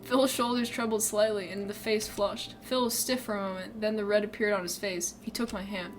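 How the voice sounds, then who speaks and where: A woman's voice: medium pitch, steady tone, moderate pace, few pauses, faint music behind. Giggly woman reading a game aloud. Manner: giggly, chatty, self-mocking. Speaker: streamer.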